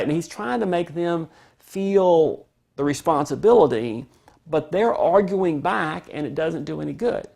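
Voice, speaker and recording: A man teaching a parenting lesson, calmly explaining and acting out what parents and kids say. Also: a little high, unhurried, gravelly. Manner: calm, explanatory, acts out parent and child quotes. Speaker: parenting instructor.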